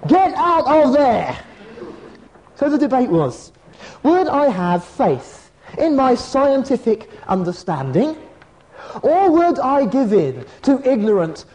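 A man preaching a sermon as a pastor, telling a personal story with measured, dramatic pauses and slowed emphasis. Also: sits high, warm tone.

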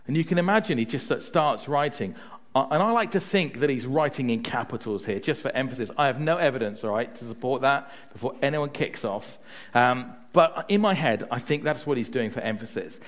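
A male preacher giving a relaxed, conversational sermon. His pitch moves a lot as he talks, rising and falling with the story. He keeps checking in with his listeners and drops into personal anecdotes to make his point. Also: fairly quick. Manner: chatty, often adds "right?" to check in with listeners.

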